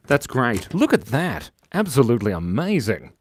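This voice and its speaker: A man's voice: mid-range voice, huge pitch swings, normal speed, hardly any pauses. A cheerful, chatty man hosting a live drawing stream, constantly thanking viewers, on a clip-on mic. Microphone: clip-on lapel mic.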